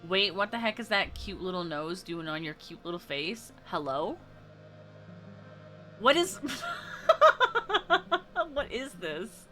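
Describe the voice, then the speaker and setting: A woman streamer with a bright, crisp voice reads a story game aloud and breaks off into chatty, excitable asides. Soft game music plays under her voice. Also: fairly low pitch. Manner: chatty, reacts with gasps and quick asides. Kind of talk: reading a story game aloud while playing.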